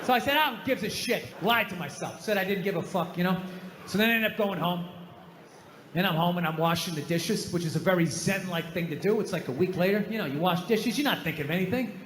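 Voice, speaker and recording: A man doing a stand-up set with a high voice, launching into animated, exasperated rants. His voice rings off the walls of a large hall with a long echo, and the audience murmurs faintly behind him. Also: fast. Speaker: stand-up comedian. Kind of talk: stand-up routine. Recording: echoey hall, faint crowd noise.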